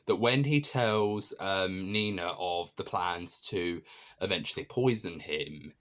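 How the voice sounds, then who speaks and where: A man's voice: low-pitched, slow, a bit bright. A man casually reviewing a TV episode, enthusiastic and rambling, with many ums and restarts.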